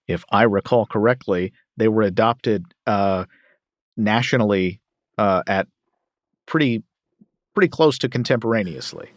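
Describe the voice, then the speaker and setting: A man interviewing a guest, asking measured, deliberate questions. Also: lowish voice, dry recording, clean studio sound.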